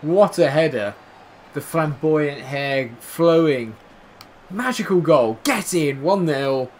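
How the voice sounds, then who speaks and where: A man casually commentating his own football video game, muttering through menus and yelping high when chances come. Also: slow pace, slight background noise. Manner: swings from quiet mumbling to excited high-pitched yelps at goals. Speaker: gaming commentator.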